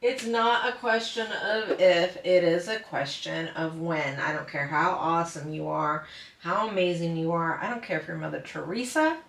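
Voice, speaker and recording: Chatting casually with her live viewers, this diamond painting channel host acts out what others said using a higher voice. Her speech runs at a normal pace with vocal fry and a slightly bright quality, recorded from a distance in an echoey room with a faint hiss or hum.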